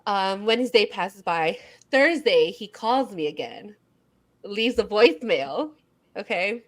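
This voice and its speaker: A woman's voice: medium pitch, animated, takes it slowly. A young adult woman co-hosting a podcast, telling a story in casual chat, laughing often and acting out quotes. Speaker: podcast co-host.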